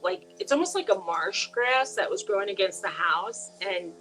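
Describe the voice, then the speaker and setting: A middle-aged woman chats on her own live stream with a friend. Her voice rises and falls a lot, sitting at an ordinary middle pitch. She is chatty and blunt, the kind who swears and laughs easily. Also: lively intonation, moderate pace, fairly bright tone, soft background music, low-quality recording. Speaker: channel host. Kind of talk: casual live-stream chat between friends.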